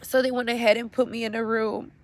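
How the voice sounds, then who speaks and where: A middle-aged woman slowly and haltingly retelling a painful memory, speaking outdoors. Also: a little high, level tone. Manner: slow, halting, emotional retelling. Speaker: grieving mother. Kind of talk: personal storytelling vlog. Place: outdoors at a cemetery.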